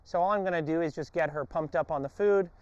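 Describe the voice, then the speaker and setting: An American man working as a dog trainer, explaining a training session and giving sharp commands to his dog, recorded on a lapel mic. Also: a little high, quick pace, dry recording, lo-fi sound. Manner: barks short loud commands to a dog between calm explanations. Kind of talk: training demonstration with commentary. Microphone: wired lapel mic.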